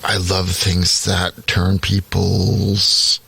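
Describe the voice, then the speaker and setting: A man's voice: sits low, completely flat delivery, extremely slow, vocal fry, noisy background. A man from Norway with a slight American Southern accent, a podcast guest talking in a thoughtful, casual way. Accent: American Southern, from a Norwegian-born speaker. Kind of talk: casual conversation.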